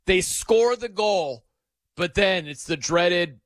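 Male sports radio host, lively, high-ish voice, dry close mic, animated storytelling. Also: slow pace, dry recording. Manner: animated, excitable storytelling with dramatic pitch swings. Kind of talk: casual sports talk monologue.

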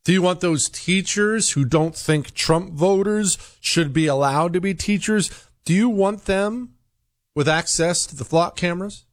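A man's voice: high voice, measured pace, dry recording, studio quality. A man hosting a talk radio show, delivering an emphatic opinion monologue full of rhetorical questions.

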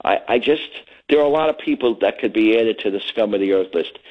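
An older retired man from Brooklyn calls in to a radio show and talks at length. He rambles earnestly, restarting and stumbling over his words, in a lowish voice. The sound comes over a muffled phone-in line. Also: animated, fairly quick. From Brooklyn, New York.

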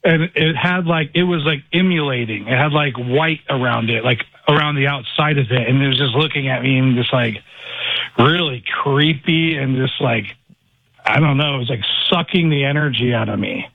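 A man calling in to a radio show, telling a personal story in a halting, rambling way, full of "like" and restarts. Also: mid-range voice, vocal fry, no room sound. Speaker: caller. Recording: tinny phone line.

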